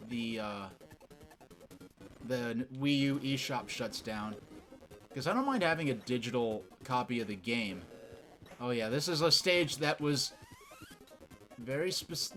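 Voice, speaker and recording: A man from New York chatting casually and rambling while he streams a video game, getting excited easily. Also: mid-range voice, unhurried, faint music behind.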